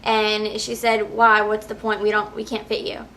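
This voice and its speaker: A woman's voice: mid-range voice, completely flat delivery, moderate pace, creaky, a bit bright, a little hiss or hum. A young woman vlogging, casually retelling a frustrating shopping trip and acting out the quotes with exasperation. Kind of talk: casual storytelling to camera.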